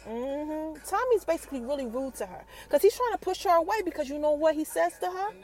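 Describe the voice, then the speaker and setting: A woman's voice: high-pitched, fast talker. A woman hosting a podcast, giving a casual TV episode recap and keeping her listeners involved with questions. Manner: animated, keeps asking the listeners questions. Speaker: podcast host.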